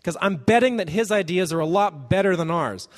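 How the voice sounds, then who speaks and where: A man preaching a sermon as a pastor, animated, often acting out the voices of the people in the passage he reads. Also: high-pitched, brisk. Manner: animated, acts out quoted voices. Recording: long hall reverb.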